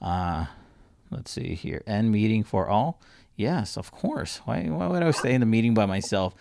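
A man's voice: fairly low pitch, animated, normal speed, creaky, a little mellow. A young man hosting a podcast, casual, teasing and rambling with some swearing. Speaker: podcast host. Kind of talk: casual chat.

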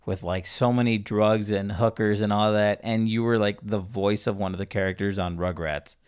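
A man's voice: fairly low pitch, steady tone, normal speed, clear, resonant tone. A young man hosting a podcast, casual, teasing and rambling with some swearing. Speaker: podcast host. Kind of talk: casual chat.

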